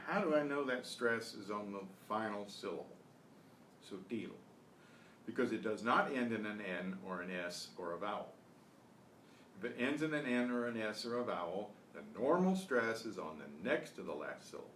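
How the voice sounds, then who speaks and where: A man's voice: fairly low pitch, fairly bright tone, distant mic. Patient male teacher in a roomy space. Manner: patient, explanatory, repeating phrases slowly. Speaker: Spanish teacher. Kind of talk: online beginner language lesson. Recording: roomy echo with faint noise.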